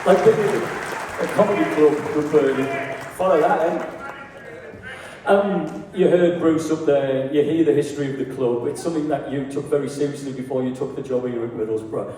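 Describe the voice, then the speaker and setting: A man's voice: on the high side, normal speed, dark tone. A man hosting a stage event, putting direct questions to a guest. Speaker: event host, interviewer. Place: large hall at a live event. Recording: echoey hall with crowd, mic from far off.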